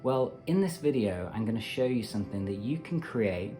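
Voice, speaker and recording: A man's voice: fairly low pitch, animated, moderate pace, mellow, soft background music. A man hosting a meditation channel, talking casually and animatedly to camera with playful asides. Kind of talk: casual self-help talk to camera.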